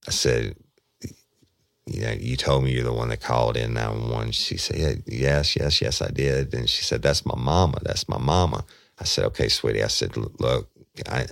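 A man's voice: extremely low pitch, gravelly, a bit bright, no echo, clean studio sound. A middle-aged man, a former detective, telling a case in a folksy, casual way, often quoting himself and talking straight to his listeners. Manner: folksy, addresses listeners as y'all, quotes himself at length. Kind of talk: casual spoken storytelling.

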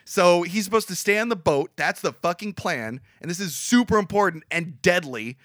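A man co-hosting a casual podcast, ranting about a movie with exasperated swearing and quick voiced impressions. His pitch swings widely and his tone is bright. The sound is dry and close. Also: animated, no echo. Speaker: podcast co-host. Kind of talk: casual movie review chat.

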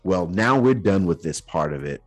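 Podcast host, male, low husky voice, earnest storyteller with casual slang. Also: animated, normal speed, soft background music. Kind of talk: personal storytelling.

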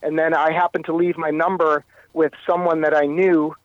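A man recounting a personal story as an interview guest, halting and often repeating his words. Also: fairly high pitch, flat delivery, dry recording, dull audio. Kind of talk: telling a personal story in conversation.

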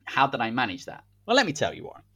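A man's voice: mid-range voice, huge pitch swings, racing, bright, forceful tone, breathy edge. A man, hosting a podcast and telling a football story in a casual, dramatic way. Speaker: podcast host.

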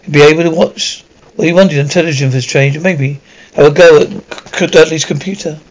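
Earnest put-upon boy read by a man, slightly high pitch; audiobook read-aloud. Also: fairly even intonation, a little fast, lightly acted, low-quality recording. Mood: hopeful. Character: hopeful mistreated young boy.

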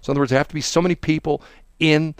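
A man's voice: steady tone, racing, clean tone, no room sound, clean studio sound. A man in casual political chat, mocking and laughing often as he tells a story. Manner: chatty, mocking, laughs often, mimics people in high voices. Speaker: co-host.

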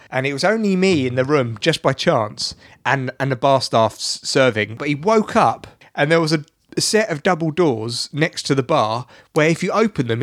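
A man hosting a casual podcast chat, an excitable storyteller who swears freely. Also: on the high side, dry recording, clean studio sound. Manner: excitable storyteller, shouts and swears in retold quotes.

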